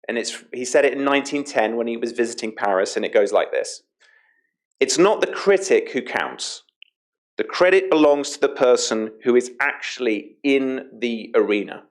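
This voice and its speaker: Man, closing remarks, earnest and personal speech, average pitch, graduation ceremony. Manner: earnest, personal speaking with occasional hesitations. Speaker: executive giving closing remarks.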